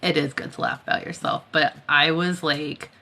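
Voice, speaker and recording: Tired, chatty woman with a low, bright voice. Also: fairly even intonation, moderate pace, slight background noise. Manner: chatty storytelling, laughs often. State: tired, worn out. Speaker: Reiki healer hosting a live stream. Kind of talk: casual chat on a live stream.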